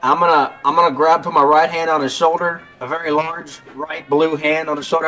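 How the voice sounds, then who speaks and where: A man's voice: on the high side, steady tone, a little fast, hardly any pauses, over music. A man playing a tabletop game casually, joking and swearing loosely. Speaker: player.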